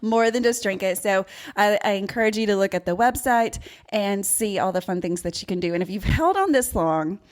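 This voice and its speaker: A chatty woman with a Southern accent hosts a casual podcast conversation. She laughs often and keeps the talk upbeat, her voice sitting at a middle pitch. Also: expressive, brisk, hardly any pauses. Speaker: podcast host.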